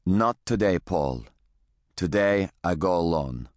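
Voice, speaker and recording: A weary, dying old father speaks in a deep, thick Russian-accented voice. A man puts him on as an audiobook figure, heard close and dry. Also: expressive, takes it slowly, no echo. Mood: firm.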